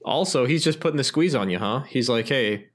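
A man's voice: mid-range voice, animated, quick pace. A man co-hosting a podcast, chatting casually and throwing in joking quips. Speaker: podcast co-host. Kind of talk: casual chat.

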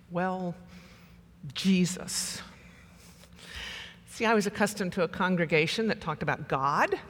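A pastor preaching a sermon with measured delivery and dramatic pauses. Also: mid-range voice, a bit bright, in a large hall.

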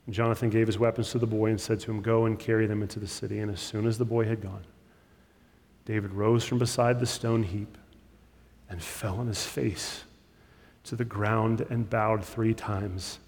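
A man preaching a sermon as a pastor, his delivery swinging between loud emphatic stresses and hushed, drawn-out words. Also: lowish voice, level tone. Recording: long hall reverb.

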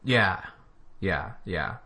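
A man's voice: low voice, animated, very slow, sharp tone. A man co-hosting a podcast in casual chat, rambling and chuckling as he talks. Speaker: podcast co-host.

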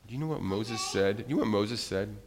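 At a slightly fast clip and fairly low pitch, a man tells an animated Bible story during a children's church service. He calls on the kids by name and keeps asking them questions.

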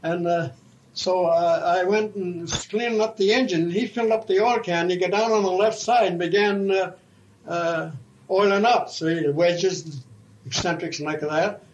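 An older man with a notably high voice recalls the old days in a slow, halting, folksy manner. He speaks as a retired railroad fireman spinning a long yarn for an oral history. The sound is dull and lo-fi, like an old tape recording. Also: steady tone.

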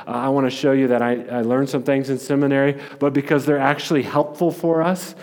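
A man's voice: mid-range voice, darkish tone, in a large hall. A man preaching a sermon as a pastor, talking in a conversational way with frequent restarts and repeated words.

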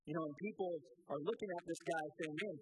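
Husky high-voiced man preaching. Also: quick pace, dry recording, faint music behind, low-quality recording. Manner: earnest preaching with frequent repeated words and restarts. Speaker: pastor. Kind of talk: sermon.

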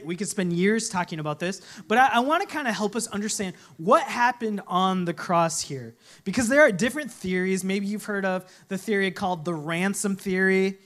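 A man's voice: sits high, fairly bright tone. A man preaching a sermon as a pastor, talking conversationally and telling stories with voiced quotes.

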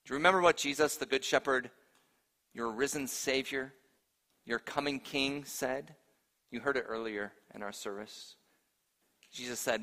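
A male pastor preaching a sermon, earnest and emphatic, moving between forceful proclamation and gentle appeal to his congregation. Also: mid-range voice, moderate pace, pauses often, long reverb tail.

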